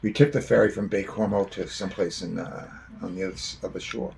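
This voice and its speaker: A man tells a long personal anecdote, wandering from detail to detail. His voice sits low with a gravelly, creaky edge. His speech is loose and profane, and a faint background hum lies under it. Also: fairly even intonation, fast, a little mellow. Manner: long-winded, swears freely. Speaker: storyteller.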